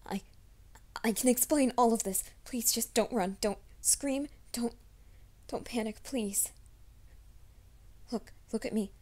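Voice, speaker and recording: A woman's voice: fairly high pitch, fairly even intonation, slow pace, long pauses, dark tone. A woman voicing Eren as a pleading werewolf. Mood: panicked pleading. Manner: stammering, pleading whispers. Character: young male werewolf, anxious, pleading, struggling to stay in control. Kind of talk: whispered role-play.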